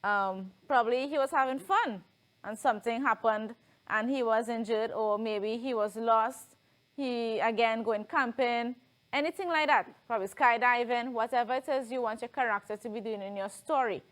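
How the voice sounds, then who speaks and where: A woman's voice: fairly high pitch, moderate pace, a bit bright. A woman with a Trinidadian accent teaching a televised lesson, explaining step by step and often checking in with "right?".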